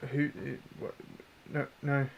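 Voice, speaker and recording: Speaking in a slow monotone with vocal fry, this mid-range-voiced New Zealander runs a laid-back livestream where he works on an airsoft gun and responds to viewers. He rambles and chats, poking fun at himself. The recording is muffled and very noisy.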